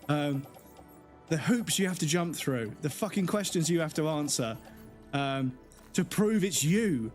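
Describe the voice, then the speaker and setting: An irritated man vents in a long, profane rant during a casual game stream. His voice sits a little on the high side. Soft game music plays underneath. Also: expressive, a little slow. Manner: angry, profane ranting. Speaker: gaming streamer.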